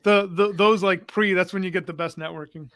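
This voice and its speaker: Energetic male guest, slightly high, bright voice; lively storyteller. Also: a little fast, no room sound. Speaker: conference organizer, guest. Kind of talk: casual livestream chat.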